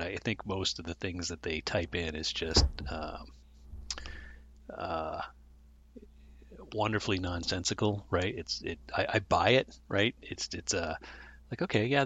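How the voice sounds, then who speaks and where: Very deep-voiced male co-host, halting casual chat. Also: fairly bright tone. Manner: hesitant, many fillers and restarts, self-deprecating. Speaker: podcast co-host.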